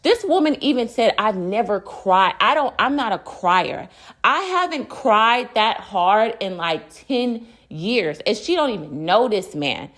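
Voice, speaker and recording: A woman's voice: medium pitch, a little slow. Opinionated woman recapping a reality show. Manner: animated, opinionated, with slang and emphatic repetition. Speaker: reality TV commentator. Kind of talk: casual reality show commentary.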